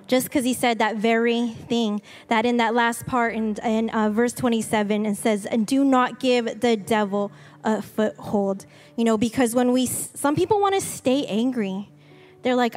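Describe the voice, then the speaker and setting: A woman's voice: fairly high pitch, moderate pace. A woman, a wife and mother, co-hosting a faith talk in a candid, self-deprecating, conversational way. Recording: long reverb with faint music behind.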